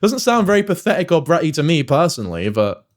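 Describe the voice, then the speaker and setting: Guy reacting to clips, kinda high voice, laughing and cursing. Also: very animated, fast. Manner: swears a lot, laughs often. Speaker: streamer reacting to videos. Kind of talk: casual reaction commentary.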